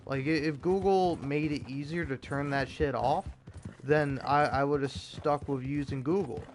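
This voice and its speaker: A man's voice: fairly high pitch, fairly even intonation, a little slow, a little hiss or hum. A young American man ranting with heavy profanity and stammered restarts while commenting over gameplay. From United States. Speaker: gaming YouTuber.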